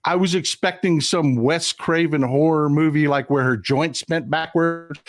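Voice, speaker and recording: A man from Texas hosting a casual live-stream chat, talking in a joking, animated way. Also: fairly high pitch, a little slow. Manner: chatty, joking, animated storytelling. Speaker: host.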